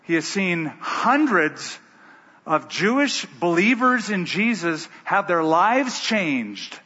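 A man's voice: high voice, very animated, takes it slowly, sharp tone, breathy edge. A man preaching a sermon who tells stories with emphatic delivery. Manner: storytelling, emphatic. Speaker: pastor. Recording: dull, echoey hall.

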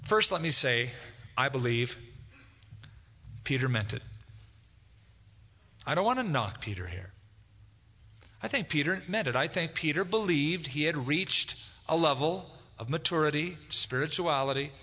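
A man's voice: a little high, very animated, unhurried, pauses often, bright, forceful tone. A man preaching a conversational sermon as pastor, acting out quoted dialogue. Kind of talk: expository sermon. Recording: long hall reverb.

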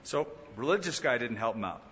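A male pastor preaching a sermon in a lively way, often acting out the people he quotes. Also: mid-range voice, a little fast, in a large hall, highs cut off, slight background noise. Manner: animated preaching that acts out quoted speakers.

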